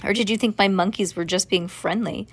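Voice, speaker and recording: A woman's voice: mid-range voice, fairly even intonation, brisk, no room sound, lightly acted. A woman voicing a cold, cruel woman villain who speaks with clipped scorn. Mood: mocking.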